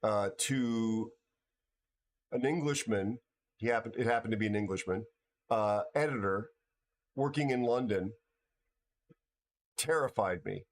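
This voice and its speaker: A tired older American man hosting a casual livestream chat, rambling and halting with many restarts and fillers. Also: lowish voice. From United States. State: tired from no sleep. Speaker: livestream host.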